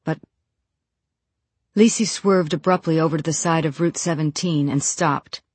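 An audiobook narrator reading a novel in a measured, even storytelling voice. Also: medium pitch, slightly rough, dry recording. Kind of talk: scripted narration.

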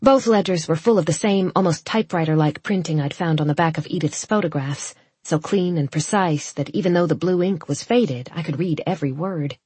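Husky low-voiced woman narrating an audiobook. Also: mellow, no echo. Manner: measured, reflective storytelling. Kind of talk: first-person audiobook narration.

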